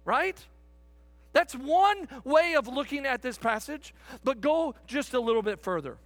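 High-voiced man preaching a sermon. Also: animated, moderate pace, no room sound, soft background music. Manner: earnest, stretches words for emphasis, some restarts.

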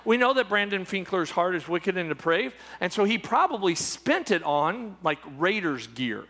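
A man's voice: high-pitched, very animated, normal speed, fairly bright tone, long reverb tail, a little hiss or hum. A man preaching a sermon as pastor, emphatic and repetitive, turning to the congregation with questions.

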